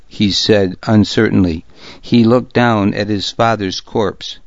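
A man reading a first-person audiobook in a measured, grave manner, close to the mic in a dull, lo-fi recording. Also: on the low side, fairly even intonation, no echo. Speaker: audiobook narrator. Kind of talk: first-person scripted narration.

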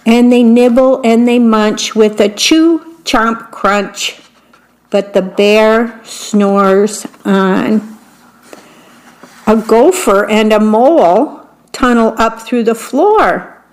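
A woman reads children's picture books aloud at an unhurried pace. Her voice sits a little high, and she pauses to talk about what is on each page. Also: rough recording. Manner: slow, expressive read-aloud with descriptions of the pictures. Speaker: storybook reader.

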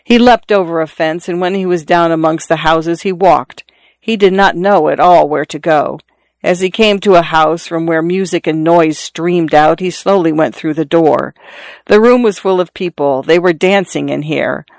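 A narrator reading a literary story in a measured, steady way. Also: medium pitch, dry recording. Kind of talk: audiobook narration.

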